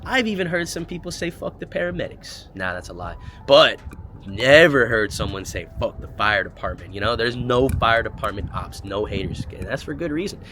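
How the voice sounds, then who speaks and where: Man, 20s, casual vlog rambling, profane and joking, lowish lively voice, noisy street behind. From United States. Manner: profane, loose and joking, full of "like" and "you know". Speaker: vlogger. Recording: noisy outdoor street ambience.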